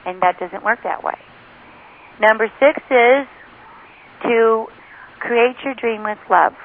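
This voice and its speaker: Woman author on a phone interview, lively storyteller, thin phone-line sound. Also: a little high, takes it slowly. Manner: enthusiastic storytelling, quotes others often. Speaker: author and spiritual teacher. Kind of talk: phone interview, teaching talk.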